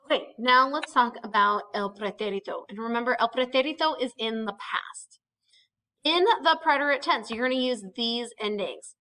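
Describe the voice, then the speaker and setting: Bright-voiced woman teaching a recorded lesson. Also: fairly high pitch, moderate pace, rough recording. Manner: explains step by step with frequent "okay" and "um". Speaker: Spanish teacher.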